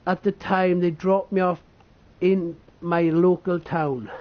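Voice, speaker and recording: Man, high voice, tearful, halting, swearing, dull lo-fi audio. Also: flat delivery. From United Kingdom. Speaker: vlogger. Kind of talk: personal storytelling.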